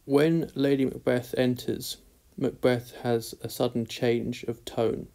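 A British man giving a recorded literature lesson at an unhurried pace. His voice has a gravelly edge and stays fairly flat in pitch. He sets out each point deliberately and stresses the key words. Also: rough recording. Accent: British English. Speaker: literature teacher.

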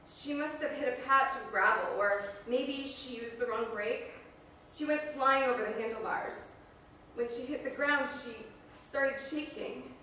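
Shaken teen boy, read by a woman; halting, a touch high, far mic in a reverberant room. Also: pushed and bright, a little hiss or hum. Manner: halting, trembling report.

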